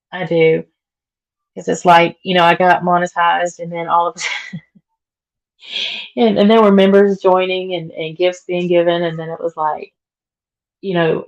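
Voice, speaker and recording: A woman's voice: fairly low pitch, creaky, low-quality recording. A woman hosting a casual livestream from home while she cleans. She chats with viewers, answers their comments and laughs often, and her voice is worn from being sick. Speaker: livestream host. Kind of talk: casual live chat.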